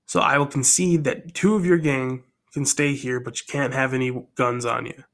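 A man's voice: medium pitch, steady tone, normal speed, fairly bright tone, natural voice. A man voicing a stubborn, dismissive male sheriff in a story he is telling, speaking in a curt, haughty way. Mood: stern.

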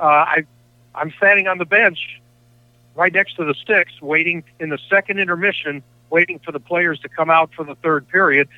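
Older male guest, higher-pitched, yarn-spinner type, heard down a tinny phone line. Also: no echo. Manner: chatty, rambling anecdotes with self-corrections. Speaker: sports broadcaster guest. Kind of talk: storytelling in casual conversation.

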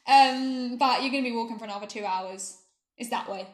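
A young woman with an English accent telling a travel story in casual chat, animated and fond of saying "literally.". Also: a little high, a little fast. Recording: roomy echo.

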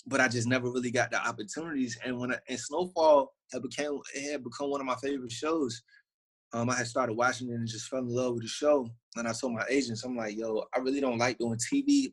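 Southern guy from virginia, husky voice, laid back slangy interview chat. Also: mid-range voice, low-quality recording. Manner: loose, slangy, many fillers. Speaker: actor, interview guest. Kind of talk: casual interview storytelling.

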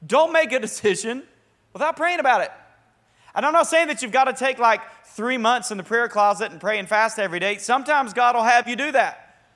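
A young man preaching a sermon as a pastor, conversational and energetic with bursts of emphasis. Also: extremely high pitch, fairly quick.

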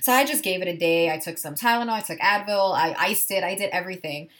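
A woman's voice: lowish voice, fast talker, a bit bright. A woman co-hosting a podcast, telling a story in a chatty way, full of "like" and the odd swear word. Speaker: podcast co-host. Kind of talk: casual chat.

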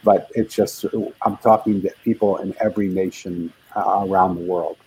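A man's voice: deep voice, fairly even intonation, moderate pace, darkish tone, a little hiss or hum, rough recording. An older man, a guest author, telling a heartfelt story in an interview with earnest, building intensity.

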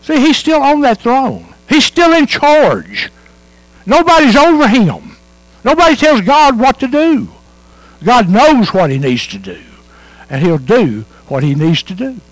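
High, lively-voiced male preacher. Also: a little slow, dry recording, low-quality recording. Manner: earnest, repetitive emphatic preaching with storytelling. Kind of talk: sermon. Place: church.

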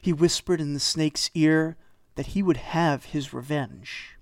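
A narrator telling an ancient myth in a relaxed, conversational way, dropping in deadpan jokes along the way. The voice sits at a middle pitch and is recorded very dry and close. The telling moves briskly between plot and wry commentary. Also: no room sound. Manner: wry, dry humor and asides. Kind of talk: storytelling narration of an old myth.

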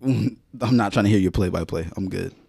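A man's voice: deep voice, brisk, gravelly, dark tone, slightly rough, no room sound. A young man on a podcast, teasing his co-host in casual slang, full of fillers and laughter. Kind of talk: casual chat.

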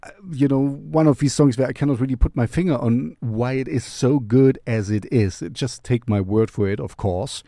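A man's voice: medium pitch, normal speed, gravelly, warm tone, dry recording, clean studio sound. A man hosting his own music channel, giving a casual song recommendation with chatty, playful self-mocking humor.

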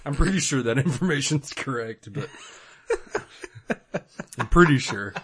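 A man's voice: medium pitch, lively intonation, unhurried, fairly bright tone, breathy edge. A young man from Florida, co-hosting a podcast in casual chat, rambling with laughs and crude asides. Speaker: podcast co-host.

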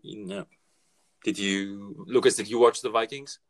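A man's voice: fairly low pitch, fairly even intonation, a little slow. A man with a German accent, German by birth, co-hosting a casual podcast chat and asking questions. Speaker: podcast co-host.

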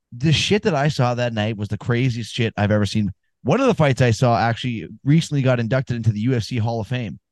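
A man's voice: mid-range voice, darkish tone, dry recording. A man co-hosting a casual sports podcast, telling rambling, profane stories and giving fight picks. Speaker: podcast co-host.

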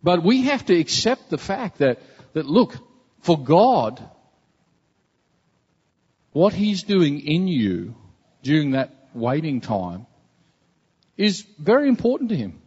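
A man's voice: on the high side, very animated, unhurried, a little mellow, husky. Earnest man preaching in an echoing hall. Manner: earnest, conversational preaching with repetitions. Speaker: pastor. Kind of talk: sermon. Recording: dull, reverberant hall recording.

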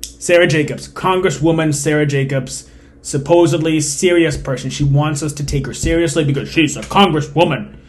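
Emphatic, opinionated podcast host, slightly high voice. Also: male voice, moderate pace. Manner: emphatic and opinionated, swinging between loud stresses and quiet asides; suppressing laughter while reading. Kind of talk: solo political commentary.

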